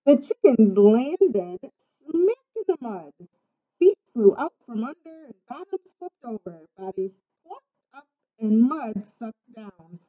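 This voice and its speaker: A woman reads a children's picture book aloud in an expressive storytelling manner. Her voice is slightly high and swoops widely through each line at an unhurried pace. The recording has a slightly muffled, lo-fi sound.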